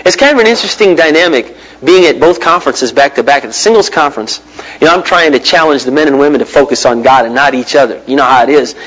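Male pastor with a high voice, an animated storyteller in the pulpit. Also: fast, rough recording. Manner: animated storyteller, big pitch swings, mimics voices. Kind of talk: sermon with personal stories.

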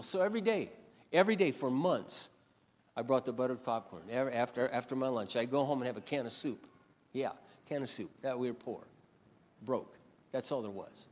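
A man preaching a sermon in a storytelling way, animated and swinging between loud passages and quiet asides. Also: medium pitch, fairly quick, big-room sound. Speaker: pastor.

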